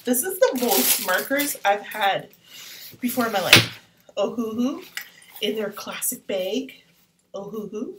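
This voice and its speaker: A woman vlogging an art-supply unboxing, gushing and excitable, often dropping into whispers. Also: on the high side, unhurried, long pauses. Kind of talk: casual unboxing vlog. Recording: faint background noise.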